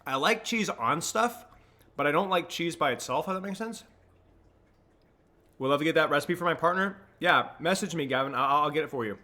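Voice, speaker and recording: A young adult man streaming from home at a desk mic, breaking down match plays in quick analytical commentary, then chatting with viewers in a relaxed way. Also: fairly high pitch. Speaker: streamer and coach. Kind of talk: casual match analysis and chat. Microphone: desk microphone.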